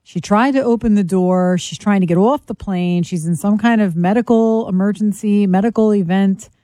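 Radio co-worker, woman, mellow dark tone, brisk bantering talk, dry studio sound. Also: medium pitch, no echo. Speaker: radio show producer and podcaster. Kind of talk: fast legal disclaimer read, then banter. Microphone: studio microphone.

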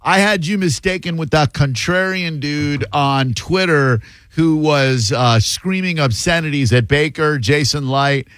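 A man's voice: a little high, a little slow, fairly bright tone, no echo. A male sports radio host bantering casually with a caller in a studio. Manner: casual, joking, uses dude and pal.

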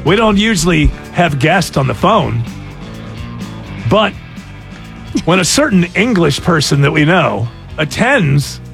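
A man's voice: fairly high pitch, very animated, takes it slowly, vocal fry, pauses often, a bit bright, faint music behind. A man hosting a radio show, joking and bantering with guests. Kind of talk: casual radio talk.

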